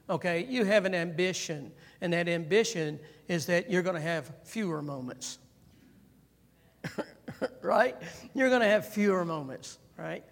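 A man preaching a sermon in a conversational way, checking in with "right?" and calling on the congregation to answer. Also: sits high. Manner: animated, calls for congregation response. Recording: long hall reverb.

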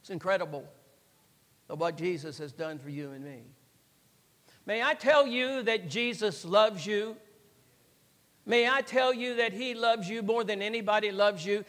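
Male pastor, older, high-pitched, earnest, repetitive emphatic preaching, long hall reverb. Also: measured pace, long pauses, fairly bright tone. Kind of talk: sermon.

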